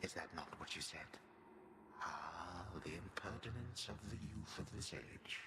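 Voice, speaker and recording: An actor playing a haughty ancient male being of the underworld, speaking in a lofty nasal tone over a deepened second voice track, in a video game. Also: measured pace, background noise. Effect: doubled voice, deepened undertrack.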